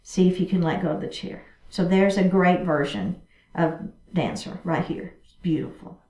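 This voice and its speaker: A woman's voice: fairly low pitch, moderate pace, a little mellow. A woman leading a chair yoga class, cueing each movement step by step in a chatty, encouraging way. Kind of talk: guided exercise class instruction. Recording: echoey room, mic at a distance.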